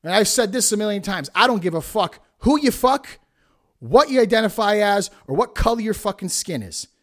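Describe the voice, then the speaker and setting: A man's voice: high-pitched, sing-song, normal speed. A man hosting his own podcast, ranting bluntly and angrily with constant swearing about entitlement in his line of work. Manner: blunt, heated, heavy swearing. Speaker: podcast host and wrestling promoter. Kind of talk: profane solo podcast rant.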